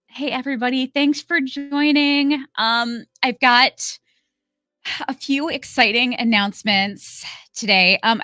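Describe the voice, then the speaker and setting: Slow-talking bright woman streamer. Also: mid-range voice, no echo, studio quality. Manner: chatty, greets viewers by name, many fillers. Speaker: livestream host. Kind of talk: casual live-stream chat.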